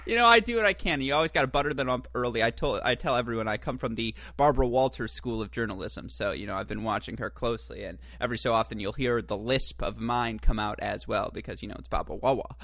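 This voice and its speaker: A man's voice: medium pitch, fast, hardly any pauses, a bit bright, no room sound. A man hosting a podcast interview, chatty and joking, with frequent filler words. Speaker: podcast host.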